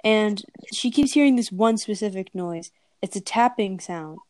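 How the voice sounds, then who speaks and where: A woman's voice: mid-range voice, expressive, normal speed, noisy background. A young woman casually telling a scary story to friends on a call, drawing out the sound words for effect.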